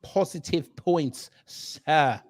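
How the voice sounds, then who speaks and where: A man doing a pompous, mock-posh British gentleman in comedic banter, clipping "sir" onto nearly every line. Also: fairly high pitch, drawn-out words, dry recording. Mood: prim.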